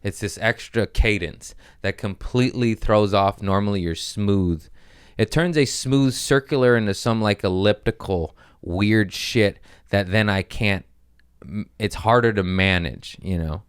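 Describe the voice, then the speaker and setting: Male comedian host, deep resonant voice, crude casual storytelling. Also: unhurried, clean tone, no echo, studio quality. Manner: animated storytelling with crude language. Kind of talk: casual monologue.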